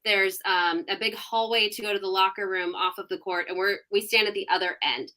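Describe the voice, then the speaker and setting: Bright-voiced woman telling lively stories. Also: medium pitch, fairly quick. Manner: animated storyteller, laughs often. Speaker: sports reporter guest. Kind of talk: casual podcast interview.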